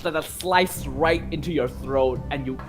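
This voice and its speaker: A man's voice: a little high, measured pace, music in the background. A man running a horror tabletop game as game master, narrating gory scenes vividly.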